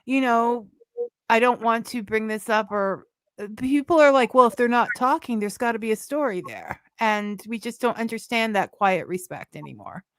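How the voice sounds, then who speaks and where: A woman's voice: fairly high pitch, expressive, normal speed, a bit bright, dry recording. A woman hosting a casual conversational podcast who speaks emphatically and laughs often. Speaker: podcast host.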